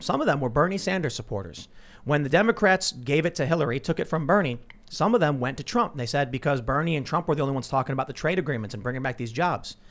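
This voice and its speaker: A man hosting a political talk show, telling stories in an animated, self-interrupting way. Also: mid-range voice. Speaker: podcast host.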